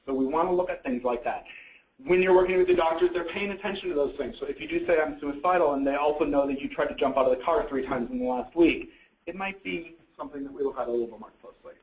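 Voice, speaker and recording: A man gives a relaxed, conversational presentation, posing questions to his listeners and answering them himself. His voice sits a little high. The sound carries the echo of a roomy hall. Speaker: presenter on psychiatric issues. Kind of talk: educational presentation. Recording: echoey room.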